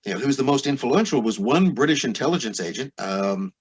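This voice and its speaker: A man with a husky, slightly breathy voice talks through history as a podcast guest. He lectures in long, winding sentences and keeps circling back with asides. His pitch sits in a middle range. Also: animated, a little fast. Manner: discursive, lecturing with many asides. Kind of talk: podcast interview explanation.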